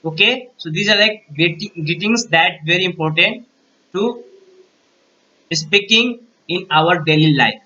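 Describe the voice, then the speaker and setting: Guy teaching french greetings, talks slow, repeats every phrase, bright tone. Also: high-pitched, lo-fi sound. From India. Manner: slow, repeats each phrase to model pronunciation. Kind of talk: recorded classroom lesson.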